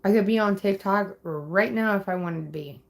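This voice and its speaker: A woman's voice: medium pitch, normal speed, vocal fry. A woman ranting angrily at her viewers on a livestream, upset and swearing, threatening people in the chat. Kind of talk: angry livestream rant.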